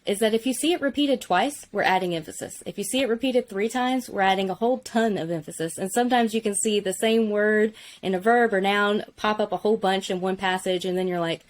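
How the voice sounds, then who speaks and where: A woman teaching Biblical Hebrew in a relaxed conversational way, enthusiastic and explanatory, often saying "like". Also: mid-range voice, fairly quick, few pauses.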